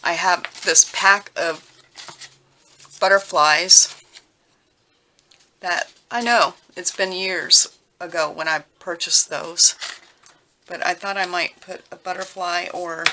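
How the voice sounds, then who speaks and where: A woman talking casually while she works on a craft project at home, rambling and thinking out loud with lots of fillers. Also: lowish voice, fairly even intonation, takes it slowly, pauses often. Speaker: crafting vlogger. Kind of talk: casual craft tutorial chat. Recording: noisy with clicking sounds.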